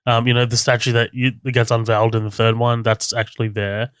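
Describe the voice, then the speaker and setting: A man co-hosting a movie podcast in relaxed chat, swearing casually and using lots of fillers. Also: medium pitch, fast talker, no room sound, clean studio sound. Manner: casual, profane, many fillers. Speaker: podcast co-host.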